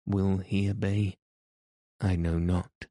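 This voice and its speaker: A man's voice: deep voice, level tone, slow pace, dark tone, no echo, clean studio sound. A man reading the lines of a wounded, dying English baron, proud and gloomy, in archaic, formal speech for an audiobook. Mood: solemn.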